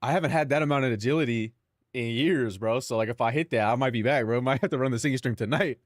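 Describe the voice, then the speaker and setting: A man's voice: medium pitch, fast talker, dry recording, studio quality. A young man streaming live, rambling casually to his chat and himself, swearing freely.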